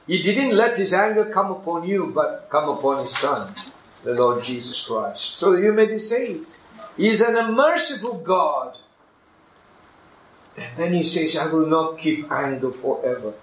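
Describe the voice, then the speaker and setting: A man preaching a sermon, emphatic, dropping to hushed asides and rising to loud exclamations. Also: sits high, big pitch swings, a little slow. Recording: echoey room with faint ambient noise.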